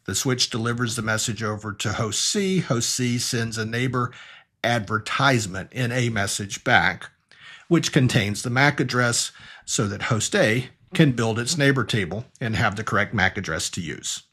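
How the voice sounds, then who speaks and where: Male instructor, husky, mid-pitched, steady explanatory delivery for a technical course. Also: moderate pace. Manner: explanatory, talks through diagrams step by step. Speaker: networking instructor. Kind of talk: recorded technical lesson.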